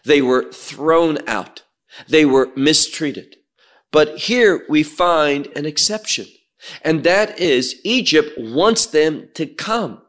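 A man's voice: on the high side, lively intonation, a bit bright. A man teaching verse by verse through a Bible passage, reading verses aloud with emphasis and asking rhetorical questions. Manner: slow, deliberate, rising emphasis on quoted verses.

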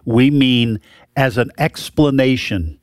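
A man's voice: medium pitch, slow, dry recording. A man co-hosting a political talk radio show, arguing his points with emphasis. His voice sits in an ordinary middle range, recorded dry and close in the studio. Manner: opinionated, argues points with emphasis.

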